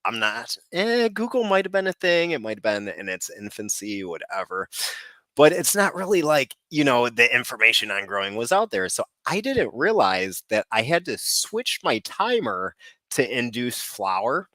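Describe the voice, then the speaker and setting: Man, casual storyteller, rambling, fillers, lively pitch, dry sound. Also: normal speed, no echo. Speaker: guest, cannabis YouTuber.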